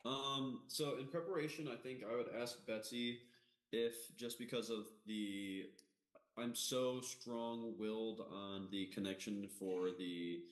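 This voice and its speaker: A man player at a tabletop role-playing game, talking in a halting way. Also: medium pitch, steady tone. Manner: slow, halting. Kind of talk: tabletop role-play chat. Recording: roomy echo.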